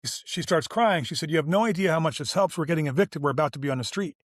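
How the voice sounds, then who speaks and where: A man's voice: fairly high pitch, fast, no room sound, clean studio sound. A man guest on a business interview show, telling a story casually and animatedly, acting out the dialogue as he goes. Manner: animated, acts out quoted dialogue, informal.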